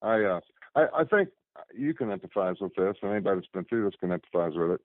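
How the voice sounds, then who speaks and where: A man with a very low voice speaks as a guest over a tinny phone line. His delivery is halting, often repeating words while he gathers his thoughts, and the sound is dry and close. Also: expressive, no room sound. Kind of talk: casual conversation.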